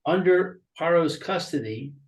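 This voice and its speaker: A man with a fairly high voice reads a text aloud, phrase by phrase, at a slow pace. He hesitates and stumbles over the words. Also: lively intonation. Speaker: study partner reading the text. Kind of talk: text study reading.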